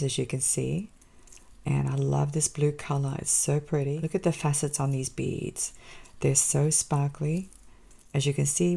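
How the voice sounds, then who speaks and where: A woman with a low voice that drops into a gravelly fry hosts a casual unboxing vlog. She gushes over each item with open enthusiasm and keeps talking straight to her viewers. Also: warm tone. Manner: gushing, enthusiastic, addresses viewers as guys. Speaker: jewelry designer and channel host.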